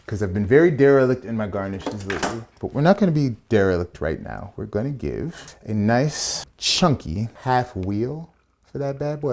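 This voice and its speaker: Chatty man mixing cocktails. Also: fairly low pitch. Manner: chatty and playful, with asides and slang. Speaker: bartender and channel host. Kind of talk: casual cocktail tutorial.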